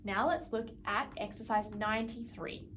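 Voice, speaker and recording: A woman's voice: fairly high pitch, steady tone, moderate pace, fairly bright tone, slight background noise. A woman music teacher giving an instrumental lesson, patiently explaining and counting beats aloud.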